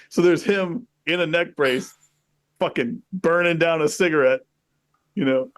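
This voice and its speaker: A man co-hosting a casual podcast chat, telling stories with animated energy, swearing freely and laughing as he goes. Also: on the high side, moderate pace, dry recording, studio quality. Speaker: podcast co-host.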